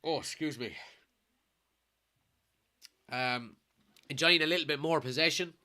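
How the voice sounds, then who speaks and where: Irish man, congested, live match watchalong host, sharp forceful tone, pitched a bit high, shouts at the ref. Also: unhurried. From Kilkenny, Ireland. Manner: excitable, shouts at players and referee. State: blocked nose from a cold. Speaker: watchalong streamer. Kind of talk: live match commentary and chat reading.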